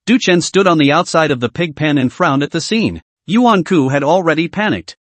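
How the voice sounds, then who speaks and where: A man's voice: a little high, expressive, normal speed, few pauses, no echo. A man narrating a web comic recap, telling the story steadily with asides to viewers.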